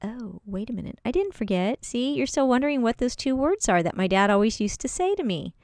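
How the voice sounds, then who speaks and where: A woman's voice: on the high side, animated, brisk, darkish tone, no echo. A woman teaching a recorded course module, speaking casually and directly to the listener as a coach. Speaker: online course instructor.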